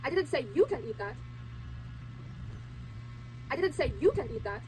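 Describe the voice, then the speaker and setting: High, lilting woman in a played video clip. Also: very animated, normal speed, a little mellow, slight background noise, rough recording. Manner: repeats one short sentence with the stress on a different word each time. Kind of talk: sample sentence from a played lesson video.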